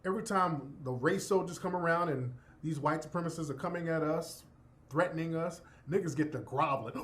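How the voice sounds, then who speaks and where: A man's voice: fairly high pitch, a little fast, fairly bright tone. A man giving an emphatic, profane, preacher-like monologue as a commentator. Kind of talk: impassioned monologue.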